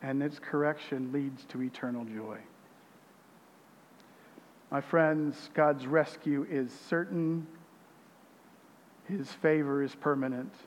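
A man preaching a sermon as pastor, reading scripture with emphasis, his voice swelling loud and then dropping quiet. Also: medium pitch, slow, pauses often, big-room sound, a little hiss or hum.

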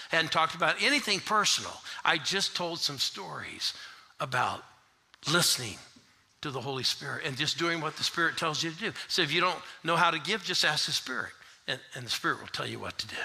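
An older man preaches to his congregation, telling stories and building to loud, ringing refrains. His voice is bright and forceful and sits fairly high. He draws the listeners in, urging them to answer back. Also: creaky. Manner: animated preacher, rising to shouts when retelling another preacher. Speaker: pastor. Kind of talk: sermon storytelling.

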